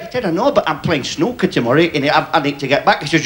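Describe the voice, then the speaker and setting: Yorkshire stand-up comic, high lively bright voice, broad dialect, audience behind. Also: male voice, fast talker, a little hiss or hum. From Sheffield, England. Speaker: stand-up comedian. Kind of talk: stand-up joke telling on a TV game show. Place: TV studio stage. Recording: studio audience laughter behind.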